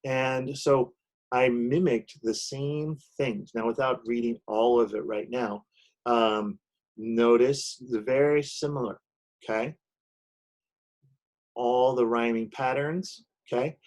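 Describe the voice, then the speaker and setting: A man of middle pitch teaches a recorded online lesson while sharing his screen. He explains step by step, stopping often with an "okay?" and filling gaps with "um". He talks into a computer microphone. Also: fairly even intonation, slow pace, darkish tone. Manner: explanatory, many "okay?" check-ins and "um" fillers.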